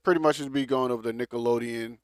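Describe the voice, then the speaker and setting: A man's voice: mid-range voice, steady tone, quick pace, no echo, studio quality. A man co-hosting a podcast in casual chat, rambling and throwing in teasing jokes. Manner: joking, rambling, teasing interjections. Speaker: podcast co-host. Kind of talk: casual pop-culture chat.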